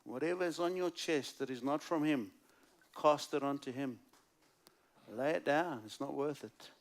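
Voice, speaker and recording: A man preaching at a church service, his voice sitting a little higher than most men's. He swings between loud, stressed lines and hushed, near-whispered asides. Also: moderate pace. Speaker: guest preacher. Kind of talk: sermon.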